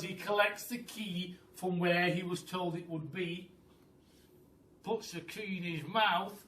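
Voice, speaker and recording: A male primary school teacher reading a storybook aloud to children, expressive and unhurried. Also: high-pitched, a little hiss or hum. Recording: echoey room, mic at a distance.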